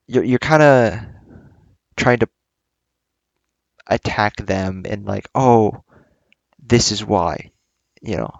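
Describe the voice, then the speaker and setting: A man's voice: lowish voice, creaky, no room sound. A young man hosting a casual book club talk, rambling and hesitant with many fillers and restarts.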